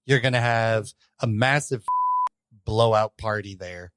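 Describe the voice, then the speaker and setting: A man's voice: fairly low pitch, a little slow, a bit bright, smooth, no room sound. A man co-hosting a podcast in casual chat, checking agreement with tag questions. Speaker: podcast co-host.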